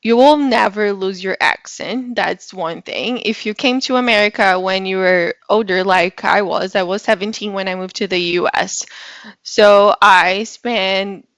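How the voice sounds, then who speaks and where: A woman's voice: mid-range voice, measured pace, a bit bright, no room sound. Brazilian-accented woman in her twenties. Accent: Brazilian Portuguese. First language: Portuguese. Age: 20s. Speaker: guest. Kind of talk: casual interview answer.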